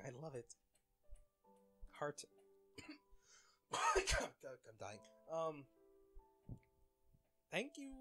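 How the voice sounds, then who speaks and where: A young man reading fan comments aloud in casual chat, laughing often and getting flustered over names. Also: a little high.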